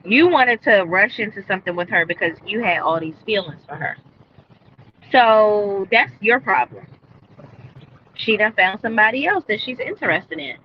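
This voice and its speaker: A woman gives a casual, outspoken recap of a TV episode on a live stream, talking straight to her viewers. Her voice sits in a middle pitch, picked up by a headset mic with a slightly dull sound and a faint hiss behind her. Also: animated, normal speed. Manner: blunt, opinionated, talks straight to viewers. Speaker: TV show reviewer. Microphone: earbud headset.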